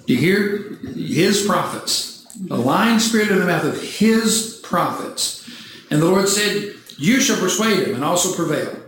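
A man preaching a sermon, reading scripture aloud and breaking into animated, mock-cheering asides. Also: sits high, unhurried. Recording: echoey church hall, faint noise.

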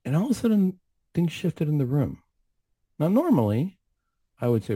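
Husky, dark-voiced man telling a story. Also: on the high side, big pitch swings, moderate pace, long pauses, dry recording. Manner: earnest, reflective storytelling with many asides. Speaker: mental health counselor. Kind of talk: faith-based testimony on a talk show.

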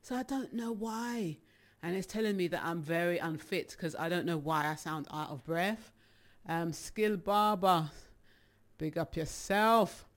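A woman's voice: lowish voice, a little slow. Breathless Jamaican woman hosting a live stream. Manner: chatty and affectionate, greets viewers by name, laughs often. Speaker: live-stream gospel show host. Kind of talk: casual live-stream chat, reading out viewer comments.

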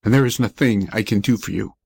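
A man reading the part of a grieving young male athlete who speaks gently and in a subdued, lowered voice. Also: quick pace, vocal fry, breathy edge, dry recording. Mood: grieving, gentle.

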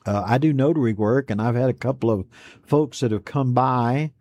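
A man hosting an online Bible study program, reading out viewer greetings and chatting back in a folksy, unhurried way. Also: medium pitch, a little mellow, no echo. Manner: folksy and unhurried, reads messages aloud then chats back.

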